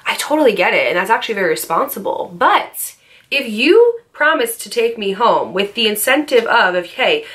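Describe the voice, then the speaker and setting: A woman vlogger telling a storytime in a loose, chatty flow, full of asides and filler words. Her voice sits in an ordinary middle pitch. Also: big pitch swings, normal speed, a bit bright. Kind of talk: storytime vlog.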